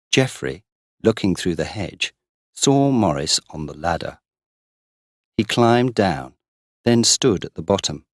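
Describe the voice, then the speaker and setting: A deep-voiced man narrating a storybook for English learners, unhurried and deliberate. His pitch moves expressively through each line. The recording is dry and close. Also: lively intonation, no room sound. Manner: slow, deliberate, clearly paced. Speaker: audiobook narrator.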